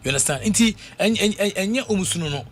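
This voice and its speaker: A Ghanaian man hosting a radio show, talking in an animated, rambling way that keeps circling back with fillers. His voice sits a little high for a man. Faint noise hums under the broadcast. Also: fast talker. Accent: Ghanaian English. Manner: animated, repetitive, with frequent fillers. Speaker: radio host. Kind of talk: casual radio talk mixing English and Twi.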